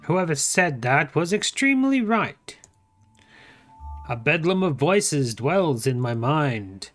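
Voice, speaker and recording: An Australian man playing a game for his channel, reading its text aloud in his own voice, his pitch swinging up and down. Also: very animated, slow pace, a bit bright. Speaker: gaming YouTuber. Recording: faint game music behind the voice. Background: faint game music.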